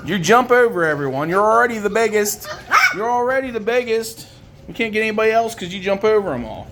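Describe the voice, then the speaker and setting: A woman's voice: expressive, quick pace, slight background noise. Woman cooing baby talk at puppies. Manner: swoops into high baby talk when calling the puppies; fond, chatty, teasing the pups. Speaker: dog breeder filming her puppies. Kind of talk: casual running commentary while filming.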